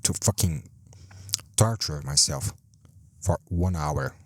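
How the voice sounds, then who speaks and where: A man hosting a rambling solo podcast from a parked car, speaking English as a second language, self-deprecating and swearing a lot with halting restarts. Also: very deep voice, slightly rough, no echo. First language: not English. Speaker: podcast host.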